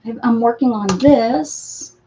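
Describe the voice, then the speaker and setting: A woman's voice: on the high side, steady tone, takes it slowly, warm tone. A woman hosting a casual crafting livestream from a cluttered room at home, chatting and apologizing to viewers and cooing at her pets. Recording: dull lo-fi stream audio with faint noise.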